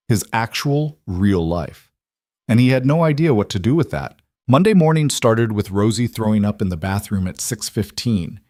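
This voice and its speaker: A male storyteller reading a scripted family drama in a measured, even voice. His pitch sits on the low side, and the recording is dry and close with no room echo. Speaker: narrator.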